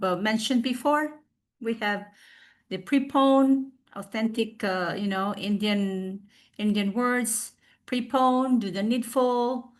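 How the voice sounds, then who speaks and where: Slow, hesitant woman presenting a lesson. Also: medium pitch. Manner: hesitant, with frequent fillers and restarts; slowly sounds out example pronunciations. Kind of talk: recorded slide presentation. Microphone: video call.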